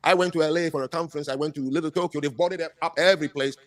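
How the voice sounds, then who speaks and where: A man's voice: fairly high pitch, steady tone, rapid-fire, dry recording. A man arguing insistently as a guest in a heated panel debate. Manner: argumentative, insistent.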